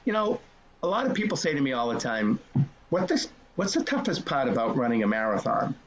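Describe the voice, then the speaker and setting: A man's voice: mid-range voice, sing-song, a little fast, slight background noise. Earnest older man telling stories. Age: 60s. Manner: folksy, earnest storyteller acting out old dialogues. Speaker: race director. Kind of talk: storytelling interview.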